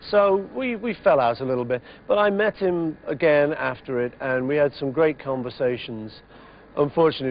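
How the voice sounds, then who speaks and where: A man in his fifties talks through an interview at an average pitch. He is easygoing and rambling, with lots of "you know"s. The recording is dull and lo-fi, with faint noise underneath. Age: 50s. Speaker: interviewee musician. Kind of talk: reflective interview chat.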